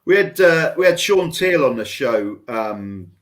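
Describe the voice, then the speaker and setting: A man's voice: mid-range voice, big pitch swings, measured pace. A male podcast host with an ordinary mid-range voice asks rambling questions. He hesitates and restarts, with plenty of fillers. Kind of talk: casual interview questions.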